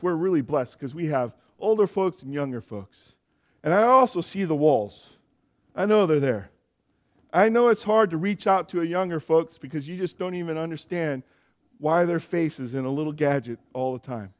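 A younger man preaching a sermon as pastor in a church, earnest and building to emphatic exhortation. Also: high-pitched.

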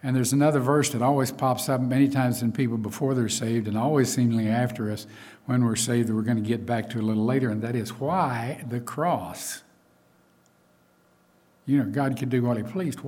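Man, preacher, sermon, conversational, medium pitch, frequent asides and fillers. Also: steady tone, fast, mellow.

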